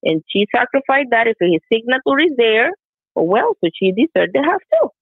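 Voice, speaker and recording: A woman's voice: fairly high pitch, big pitch swings, normal speed, breathy edge, dry recording. A woman talking casually, hesitant and repeating herself, often breaking into laughter. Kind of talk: casual conversation. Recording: tinny phone line.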